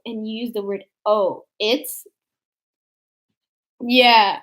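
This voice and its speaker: A woman chatting casually with her sister, telling embarrassing stories in an animated way and acting out the quotes. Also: a little high. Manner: animated storytelling with acted quotes. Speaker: youtuber. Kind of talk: casual chat.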